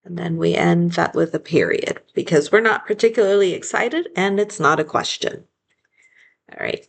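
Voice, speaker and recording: A woman teaching a spelling lesson, sounding out words slowly and patiently one syllable at a time. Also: on the low side, vocal fry, slight background noise.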